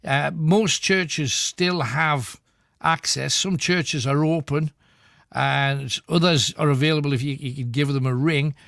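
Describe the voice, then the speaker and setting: A man hosting a radio phone-in, giving callers measured, reassuring advice. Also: a little high, steady tone, vocal fry, fairly bright tone, dry recording, studio quality.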